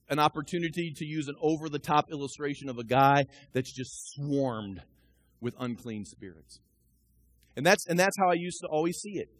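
A man preaching a sermon as a pastor, impassioned, swinging from shouts down to low, quiet passages. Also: dry recording, low-quality recording.

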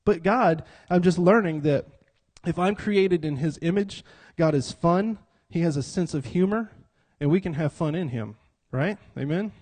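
Joking preacher working the congregation. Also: male voice, a little high, moderate pace, hardly any pauses, a little mellow. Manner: joking, self-described cut-up, calls for congregation responses. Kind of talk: interactive church sermon.

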